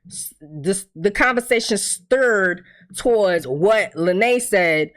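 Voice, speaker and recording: A woman's voice: medium pitch, lively intonation, takes it slowly. A woman giving a casual, blunt, profane recap of a TV episode, acting out the characters' lines as she goes.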